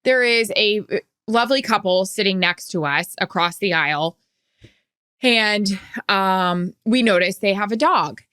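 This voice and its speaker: A woman's voice: mid-range voice, measured pace, clean tone, no echo. Woman cohost telling a wild story, acts out every quote, dry sound. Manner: animated storytelling, acting out quotes. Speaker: podcast co-host. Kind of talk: casual chat.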